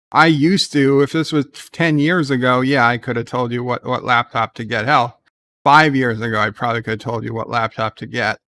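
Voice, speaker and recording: A man's voice: mid-range voice, fairly bright tone, clean tone. A man hosting a casual livestream, reading viewer comments aloud and answering them in a loose, rambling way with many "uh"s. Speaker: livestream host.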